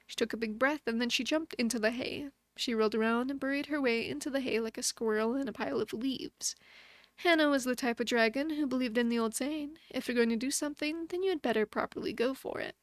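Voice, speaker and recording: A young woman reads a bedtime story in a gentle put-on motherly voice. Her voice sits a little high, and the sound is dry and close with no room around it. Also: dry recording. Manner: chatty and thankful toward her viewers. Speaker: streamer. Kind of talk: reading a bedtime story aloud.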